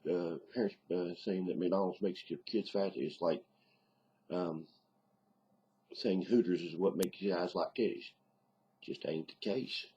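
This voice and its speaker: A man's voice: low voice, a little mellow, slightly rough. A middle-aged man with a Southern US accent, rambling in a casual video diary with lots of ums. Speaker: video diarist. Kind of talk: casual vlog monologue.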